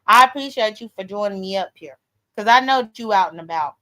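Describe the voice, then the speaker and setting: Speaking at medium pitch, this livestream host sounds expressive, fairly quick, pushed and bright. She talks straight to her audience, calling them "y'all," and her casual commentary is blunt and peppered with profanity.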